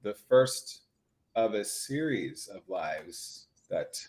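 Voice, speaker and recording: A man's voice: on the low side, sing-song, slow pace, very noisy. A man in his thirties, a nurse practitioner talking casually and animatedly on a livestream with lots of fillers.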